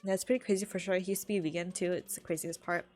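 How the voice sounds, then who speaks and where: A woman's voice: fairly low pitch, steady tone, fast talker, darkish tone, soft background music. Rambling young woman streamer, laughing often. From California. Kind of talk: casual live-stream chat.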